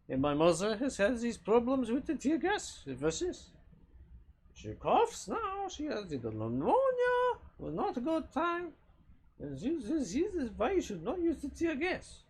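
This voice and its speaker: A male streamer doing a deliberately bad, exaggerated French accent as an aggrieved man complaining in a live-stream joke voice. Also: a little mellow, full character voice. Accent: mock French. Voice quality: exaggerated, drawn-out, high-pitched delivery.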